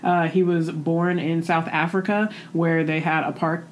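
A young adult woman co-hosting a new podcast in casual, chatty conversation, upbeat and quick to laugh. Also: deep voice, steady tone, slight background noise. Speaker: podcast co-host. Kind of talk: casual chat. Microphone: microphone resting on a pillow.

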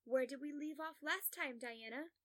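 A woman's voice: sits high, moderate pace, lightly acted. A woman voicing a paranoid, grandiose young male patient who talks in harsh whispers. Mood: whispered menace.

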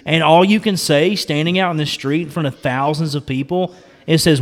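A man's voice: on the high side, normal speed, big-room sound. A man hosting a casual podcast chat, ranting and swearing in outrage. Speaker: podcast host.

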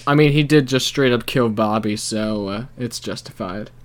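A man's voice: mid-range voice, moderate pace. A young man co-hosting a casual chat, rambling through a musical's plot and laughing often. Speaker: podcast co-host.

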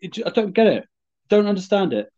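A man's voice: high-pitched, big pitch swings, warm tone. Rambling man in a dull lo-fi recording. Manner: rambling, halting with restarts. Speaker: podcast co-host. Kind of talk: casual sports chat. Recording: dull lo-fi sound.

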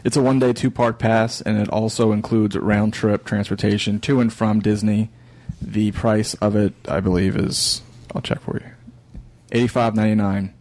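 A man's voice: fairly low pitch, flat delivery, moderate pace, a little mellow. A man on a podcast explaining travel options in a matter-of-fact, informative way. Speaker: podcast regular giving travel info. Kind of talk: casual explanation.

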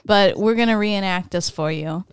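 A woman's voice: mid-range voice, normal speed, clear, resonant tone, no room sound, studio quality. A woman setting up an improv comedy scene for her friends in an upbeat, casual way. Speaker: improv performer.

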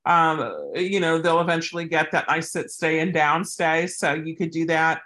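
A woman's voice: low-pitched, normal speed, a bit bright. A woman who handles service dogs, answering a viewer's question in a casual, rambling way with plenty of tangents. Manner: rambling, goes off on tangents, chatty. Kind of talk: casual advice vlog.

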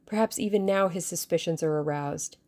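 A woman voicing an excitable, bitter male conspirator who snarls and frets. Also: lowish voice, a little fast, lightly acted. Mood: agitated. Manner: agitated, snarling, pleading.

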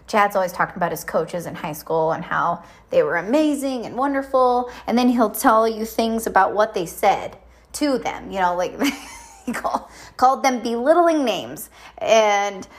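A middle-aged woman chatting in a rambling, casual monologue as a podcast host. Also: medium pitch. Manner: chatty, rambling, animated quoted voices.

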